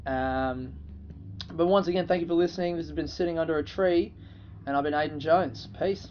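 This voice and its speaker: Hosting a solo podcast, an Australian man laughs his way through loose, profane, casual stories at a brisk pace. The voice sits slightly high, and the audio is a touch dull and lo-fi with slight background noise.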